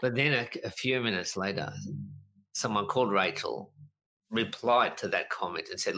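A middle-aged business coach in a casual podcast interview, telling stories in an animated way and acting out quotes. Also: male voice, on the low side, normal speed, low-quality recording. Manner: animated storyteller, lively voices for quotes, frequent laughs.

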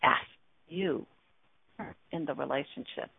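A woman's voice: low voice, slow, gravelly, breathy edge, no echo. A woman hosting an internet radio talk show as a relationship coach, speaking earnestly with many fillers and restarts. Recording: tinny dry phone line.

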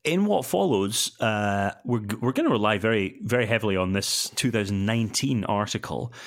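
A man's voice: on the low side, expressive, normal speed, no room sound, clean studio sound. A man co-hosting a casual podcast, talking with many ums and self-corrections. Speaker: podcast co-host.

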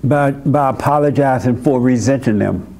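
A man's voice: mid-range voice, normal speed, dark tone. A man hosting a church gathering, counseling a young caller in a direct, insistent way with short pointed questions and repeated words for emphasis. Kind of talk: blunt counseling conversation.

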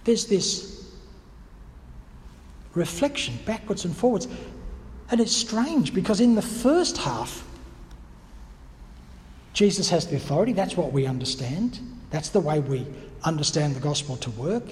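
A man with a high voice gives a thoughtful sermon, working through his points with questions to the congregation. His voice rings with the long reverb of a big hall. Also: big pitch swings, a little slow, pauses often, darkish tone. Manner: reflective, teacherly, with restarts and rhetorical questions. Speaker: preacher.

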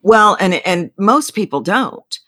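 A middle-aged woman with a Texan accent, a voice coach explaining her work in an interview with emphatic, animated delivery. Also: mid-range voice, slow, no room sound, clean studio sound. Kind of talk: interview storytelling.

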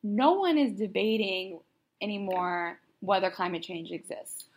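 A woman's voice: medium pitch, expressive, a little slow. A woman co-hosting a casual political chat podcast, talking emphatically with lots of "like" fillers. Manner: emphatic, filler-heavy with frequent "like". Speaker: podcast co-host.

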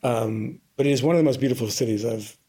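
A man's voice: mid-range voice, fast, dark tone, slightly rough. A man co-hosting a podcast, calling in from abroad and telling a long story in a tired, rambling way with many restarts. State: tired, bleary-eyed. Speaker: podcast co-host reporting from abroad. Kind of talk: casual conversational storytelling. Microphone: remote call-in.

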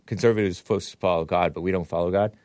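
A man's voice: sits low, fairly even intonation, very fast, a little mellow, dry recording, clean studio sound. A man hosting a talk show, giving sarcastic, chuckling commentary while reading out chat comments.

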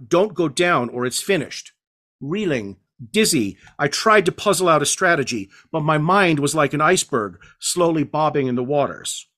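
A male author reads his own crime novel aloud in a measured, hard-edged first-person voice. His speaking voice sits somewhat high for a man. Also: a bit bright.

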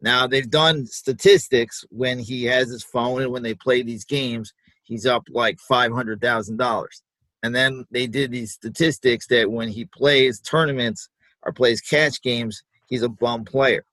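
A man's voice: medium pitch, fairly even intonation, a little slow, pushed and bright, dry recording, low-quality recording. Easygoing man making his sports case. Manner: conversational, builds arguments with examples, many fillers. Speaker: podcast co-host. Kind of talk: casual sports debate.

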